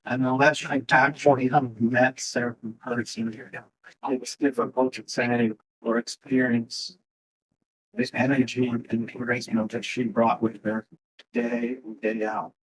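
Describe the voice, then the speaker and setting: Guy speaking at a memorial, slow and pretty monotone, formal. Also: medium pitch, husky, poor audio. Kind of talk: memorial speech. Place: memorial gathering.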